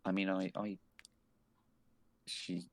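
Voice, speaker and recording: A man playing in a tabletop game, talking quickly and hesitantly about his character's actions. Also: deep voice, little pitch movement, vocal fry. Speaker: player. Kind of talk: casual tabletop play.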